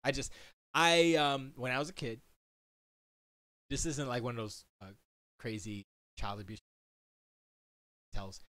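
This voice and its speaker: A man's voice: medium pitch, fairly even intonation, unhurried, pauses often, bright, forceful tone, no echo. A man hosting a casual livestream from his home studio, joking and riffing and slipping into silly quoted voices. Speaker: livestream host.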